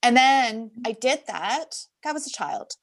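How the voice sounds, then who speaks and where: A woman's voice: on the high side, animated, measured pace. Woman podcast guest, candid and reflective, conversational with frequent restarts.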